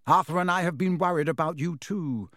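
A man's voice: on the high side, a little fast, no room sound, studio quality, natural voice. A man voicing a fussy, motherly woman who snaps out scoldings, reading a storybook. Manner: sharp, snapping scolds softening to fond.

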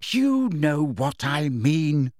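A man reading an audiobook, voicing a bossy, anxious teenage schoolgirl in a higher voice. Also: sing-song, normal speed, a little mellow, dry recording, clean studio sound. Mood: impatient. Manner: anxious, impatient questioning. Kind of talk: audiobook character voice.

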